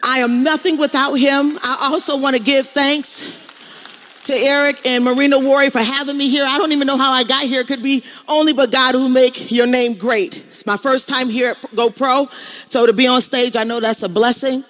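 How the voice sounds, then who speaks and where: Middle-aged lady doing a motivational speech, punchy preachy delivery, bright forceful voice. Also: high voice, steady tone, normal speed. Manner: emphatic, preachy, repeats lines for the crowd. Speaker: motivational speaker. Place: on stage at an event.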